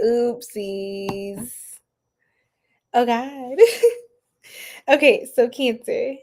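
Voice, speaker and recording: A bubbly, giggly woman hosting a tarot livestream, chatting with viewers, laughing often and gasping with excitement. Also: on the high side. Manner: gasps and squeals with excitement. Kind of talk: live chat with viewers.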